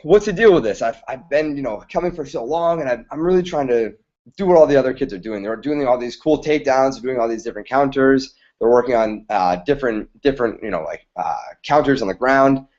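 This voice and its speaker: A man's voice: medium pitch, expressive, fairly quick, darkish tone, highs cut off, natural voice. A man voicing an eager young boy who pleads earnestly to learn judo, in a storyteller's retelling.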